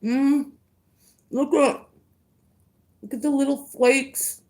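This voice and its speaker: A mukbang vlogger eats on a livestream, her voice high-pitched, steady and a little mellow. Between bites she greets chat viewers by name, chewing slowly and murmuring as she savors the food.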